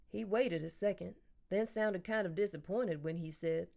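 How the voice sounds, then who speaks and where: Woman narrating a kids' audiobook, steady and clear. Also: lowish voice, normal speed. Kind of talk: audiobook reading.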